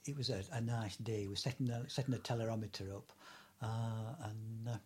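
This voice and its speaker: A man's voice: lowish voice, steady tone, fairly quick, a little mellow, breathy edge. An older man from England telling anecdotes in an oral history interview, rambling with many fillers and bursts of laughter. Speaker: interviewee recalling Antarctic fieldwork.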